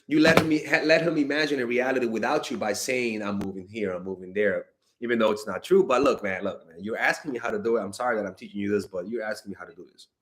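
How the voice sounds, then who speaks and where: A young man giving blunt, animated dating advice to fans in a casual stream, swearing freely and sounding exasperated. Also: mid-range voice. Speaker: dating coach answering fan questions.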